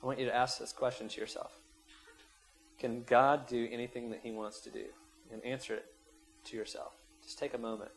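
A man's voice: medium pitch, level tone, brisk, a little hiss or hum, rough recording. A man preaching a sermon to his church, retelling a scripture story and leading prayer with rising, emphatic passion. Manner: impassioned, rising to loud peaks when voicing prayers and quotes. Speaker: pastor.

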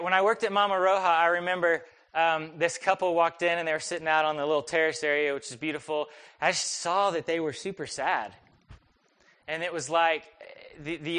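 A young man preaching a sermon, telling a personal story in a conversational, animated, self-deprecating way. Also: a little high, clear, resonant tone. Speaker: pastor.

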